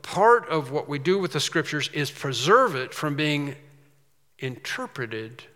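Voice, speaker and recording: A man preaching a sermon, slow and emphatic with quicker asides. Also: a little high, sing-song, pushed and bright, in a large hall.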